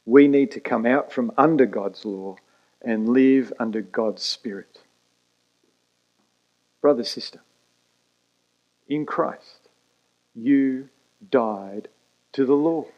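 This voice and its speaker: Slow, emphatic male preacher, dull recording. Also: mid-range voice. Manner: emphatic preaching with dramatic pauses and quick asides. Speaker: pastor. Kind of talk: sermon.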